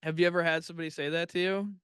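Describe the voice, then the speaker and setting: A man's voice: a little high, fairly even intonation, rapid-fire, a bit bright, clean tone, dry recording, studio quality. A male comedian co-hosting a podcast in casual chat, giggling often as he talks. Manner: giggly, laughs often mid-sentence.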